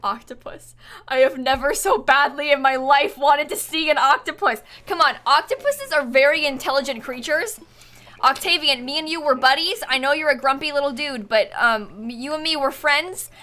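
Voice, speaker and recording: A woman live-streaming a video game, chatting with viewers in an excitable, dramatic, giggly way. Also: high-pitched, moderate pace. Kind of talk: live-stream chat while gaming.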